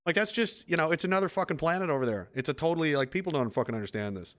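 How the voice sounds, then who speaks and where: A man with a higher-pitched voice races along while hosting a casual podcast chat. He rambles and swears through his stories, telling them with animation and acting out the quotes.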